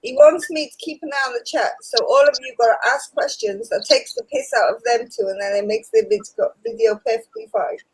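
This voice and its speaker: Bubbly woman moderating chat, high and husky, very lively pitch. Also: brisk, few pauses, poor audio. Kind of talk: casual live-stream chat.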